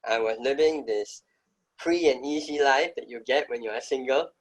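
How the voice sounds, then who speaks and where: In a conversational interview, a middle-aged male guest with medium pitch and a moderate pace tells his story in an emphatic, thoughtful manner. The audio quality is poor.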